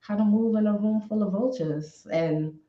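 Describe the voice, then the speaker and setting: A woman's voice: mid-range voice, moderate pace, echoey room, muffled recording. A woman from New York, a podcast guest, chatting casually and agreeably with plenty of laughter. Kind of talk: casual chat.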